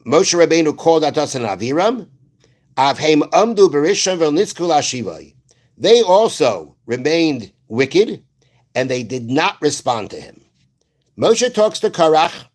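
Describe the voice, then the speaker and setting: Un hombre da una clase religiosa como rabino y explica los versos con calma, citando textos antiguos y repitiendo frases para aclararlas. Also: male voice, a little high. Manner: explains slowly, repeats phrases, quotes Hebrew verses. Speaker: rabbi. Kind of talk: Torah class.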